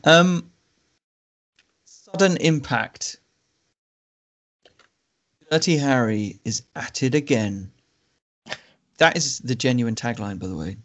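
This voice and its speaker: A man chats about films with a dry, understated wit, delivering deadpan asides in an easy, conversational tone. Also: medium pitch, takes it slowly, long pauses. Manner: dry, wry remarks. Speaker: podcast co-host. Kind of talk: casual film review chat.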